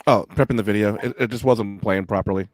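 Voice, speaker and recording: A man's voice: on the low side, fairly even intonation, quick pace, no echo, clean studio sound. A man co-hosting a podcast, chiming in with brief, laid-back replies. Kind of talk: casual podcast chat.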